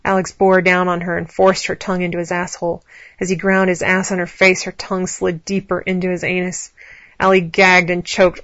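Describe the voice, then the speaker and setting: A woman narrating an erotic story in a low, steady storytelling voice. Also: a little fast, dry recording, dull audio.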